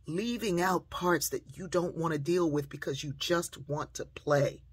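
An older woman telling a family story that turns into a life lesson. She speaks in a sermon-like way and often drops into soft whispers for emphasis. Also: low-pitched, vocal fry, breathy edge. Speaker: speaker sharing a personal lesson.

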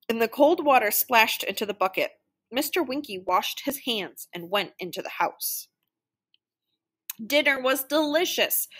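A woman reading a children's story aloud, animated and playing out the noises. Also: fairly high pitch. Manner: animated, sound-effect voices for noises. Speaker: children's book reader.

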